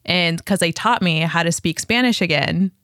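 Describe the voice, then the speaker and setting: A young woman in casual conversation, telling personal stories in a relaxed, reflective way. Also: fairly low pitch, normal speed, no echo, clean studio sound. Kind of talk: casual chat.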